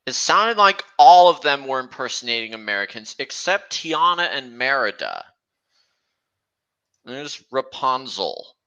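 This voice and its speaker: A man chatting casually on a stream, talking slowly and haltingly with frequent restarts. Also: mid-range voice, very animated, fairly bright tone, rough recording. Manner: halting, many restarts, slow and meandering. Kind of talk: casual chat.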